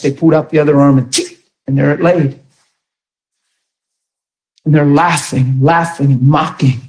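A man preaching a sermon with passion, often shouting and repeating himself. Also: fairly high pitch, normal speed, long pauses.

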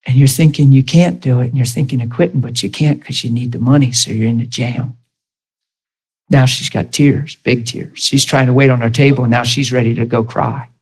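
A man's voice: mid-range voice, steady tone, brisk, breathy edge, rough recording. A middle-aged male preacher delivering a sermon, telling stories and acting out the dialogue in them. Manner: storytelling, acts out dialogue with shifts in loudness.

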